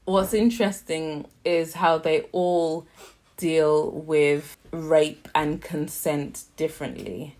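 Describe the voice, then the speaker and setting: A woman's voice: low-pitched, fairly even intonation, takes it slowly, darkish tone. A young British woman chatting casually to camera as she reviews a TV series, filling her talk with "like". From United Kingdom. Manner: chatty, leans heavily on "like" as filler.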